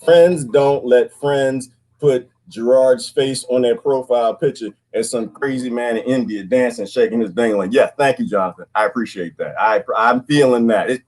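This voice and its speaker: A man's voice: medium pitch, normal speed, hardly any pauses, a little mellow. A male comedian hosting a casual live stream, joking with his viewers and laughing often.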